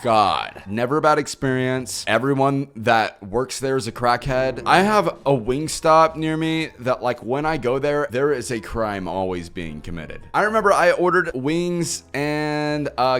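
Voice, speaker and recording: A young man streaming from his computer, chatting casually and swinging from loud outbursts to low mutters as he ranks things. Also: expressive, normal speed, hardly any pauses. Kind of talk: casual live-stream rant. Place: home computer setup.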